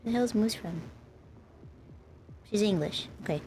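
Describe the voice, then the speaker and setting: A woman's voice: mid-range voice, unhurried, a little mellow, faint music behind. Chatty woman streamer, rambling. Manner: rambling, chatty, talks to chat. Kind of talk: casual live-stream chat.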